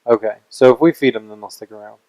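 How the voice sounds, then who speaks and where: Young male co-host, earnest and rambly, relaxed friend-to-friend chat. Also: fairly low pitch, quick pace. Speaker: podcast co-host. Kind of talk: casual chat.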